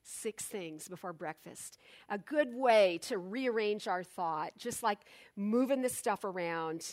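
A woman's voice: medium pitch, lively intonation, takes it slowly, a little mellow. A woman giving an inspirational morning sermon in an earnest, reflective way, rising to emphatic swells. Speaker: speaker giving a morning spiritual talk.

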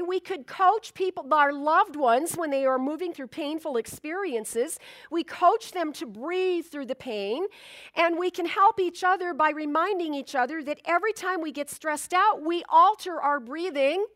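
A middle-aged woman minister preaching with a high, light voice. She talks to the congregation in a relaxed, storytelling way. Her sound is close and dry, with no room echo. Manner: conversational, storytelling with acted-out asides. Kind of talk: sermon.

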